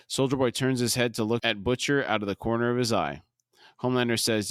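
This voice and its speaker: A man co-hosting a podcast narrates a TV episode scene by scene in a steady, mid-pitched voice. He breaks off now and then for brief remarks of his own. The sound is dry and close, with no room around it. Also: a little fast, clean tone, no room sound. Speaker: podcast co-host. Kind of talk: scene-by-scene recap reading.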